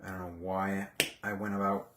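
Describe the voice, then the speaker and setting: A man's voice: low voice, completely flat delivery, normal speed, heavy background noise. A man chatting casually on a livestream as he builds something, wandering off topic and poking fun at himself. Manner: chatty, wandering, self-mocking asides. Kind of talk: rambling casual livestream chat.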